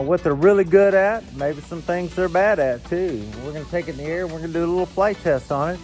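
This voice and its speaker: A man's voice: on the high side, a little mellow. A man from Georgia with a Southern accent, hosting a casual aircraft demo vlog in a hangar, chatting in a folksy way with lots of fillers. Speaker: flight instructor and aircraft demo host.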